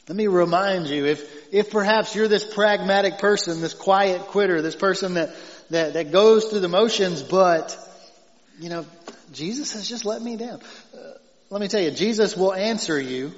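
A man with a Southern accent preaching a conversational sermon as pastor, growing loud and emphatic as he quotes scripture, often chuckling. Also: high-pitched, moderate pace. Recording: dull long reverb, lo-fi church hall.

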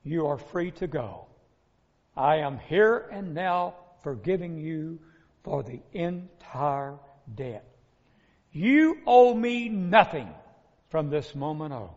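A man's voice: on the high side, animated, slow, darkish tone, voice pushed down. A male preacher voicing a stern, commanding king in a retold parable, in a dull recording with long hall reverb. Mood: merciful.

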